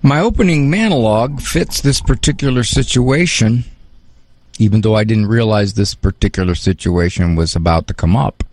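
A man's voice: fairly low pitch, normal speed, a little mellow. A man hosting a call-in advice show, giving frank, emphatic counsel to a caller. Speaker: radio advice host.

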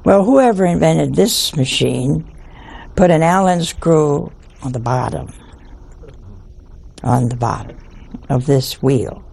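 An older woman, a nun, telling a humorous story in a slow, folksy manner. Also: low voice, lively intonation, creaky, warm tone, a little hiss or hum. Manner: slow, folksy anecdotal delivery.

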